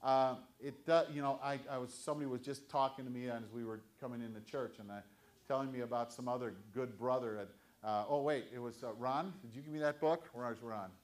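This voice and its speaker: A man's voice: medium pitch, fairly even intonation, a little fast. An older man, a pastor, preaching an earnest, conversational sermon to his congregation.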